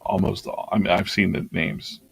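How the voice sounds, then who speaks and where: A man's voice: deep voice, little pitch movement, moderate pace, vocal fry, slightly rough, faint music behind. A man hosting a drawing livestream, chatting casually and laughing as he rambles through his past sketches.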